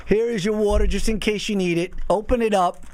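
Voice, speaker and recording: A man hosting a casual podcast chat, excitable, laughing often and repeating himself. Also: sits high, brisk, slight background noise. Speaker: podcast host.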